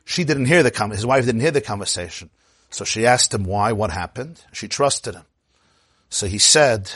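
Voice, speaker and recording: A man, a rabbi, telling a story in a sermon, animated and acting out the quotes, swinging from quiet murmurs to exclamations. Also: on the low side, normal speed, breathy edge, dry recording, clean studio sound.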